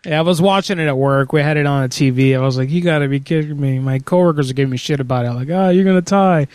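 A man chats loosely as a podcast host, cursing constantly and breaking into laughter. His voice sits a little higher than most men's. He sounds relaxed and unbothered. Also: quick pace, clear, resonant tone, dry recording. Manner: profane, laughing, loose storytelling. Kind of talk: casual chat about prank texts and calls.

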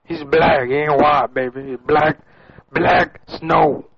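A man's voice: a little high, steady tone, takes it slowly, vocal fry. A man playing a crude, boastful prank caller who drawls and calls people baby, on muffled lo-fi audio. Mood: sleazy boasting.

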